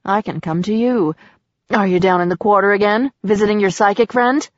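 A woman's voice: medium pitch, a little fast, no room sound, natural voice. An obsessive, menacing male stalker who wheedles and then snarls with jealous rage, as a woman narrator puts him on. The recording is dry and a little muffled. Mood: wheedling. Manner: creepy and possessive, turning to snarling rage.

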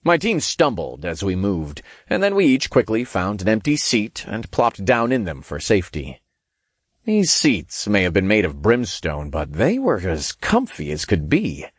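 Wry, lively-voiced male narrator. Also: lowish voice, measured pace, breathy edge, no echo, clean studio sound. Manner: casual, wry storytelling with swearing. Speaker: audiobook narrator. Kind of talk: scripted first-person narration.

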